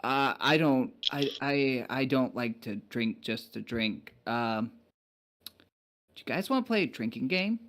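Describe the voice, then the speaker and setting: A man voicing a quiet, somber male dwarf who stammers and hesitates. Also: medium pitch, expressive, measured pace. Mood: hesitant.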